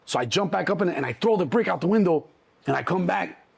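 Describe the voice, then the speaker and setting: A middle-aged man with a Chicago accent, telling a story in an interview, animated and swearing freely, acting out the other voices. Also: high voice, fast talker, creaky, slightly rough. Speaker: interview guest. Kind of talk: casual storytelling.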